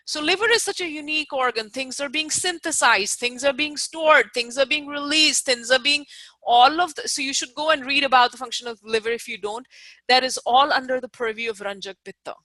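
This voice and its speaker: A woman's voice: sits high, fairly quick, sharp tone, dry recording. A woman from India teaching an online lecture over a video call, explaining step by step, repeating key terms and checking that her students follow.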